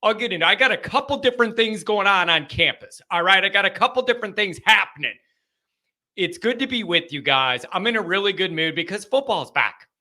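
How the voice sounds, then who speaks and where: Male call-in show host, high and sharp-toned, rambling chat that breaks into yelling; faint music underneath. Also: fairly quick. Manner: loud, rambling, excitable with yelling bursts.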